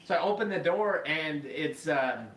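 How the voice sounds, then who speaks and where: A man hosting a podcast, telling a story casually with lots of swearing and animated acted-out quotes. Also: a little high, unhurried. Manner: profane, animated, acts out quoted voices. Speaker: podcast host. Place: live podcast room. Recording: echoey room, mic far off, faint noise.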